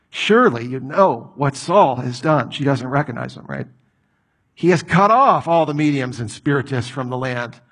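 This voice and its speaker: A man preaching a sermon, reading a passage and acting out the people in it with lively commentary. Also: a little high, slightly rough. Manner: animated, acts out voices of the people in the story. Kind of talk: expository sermon.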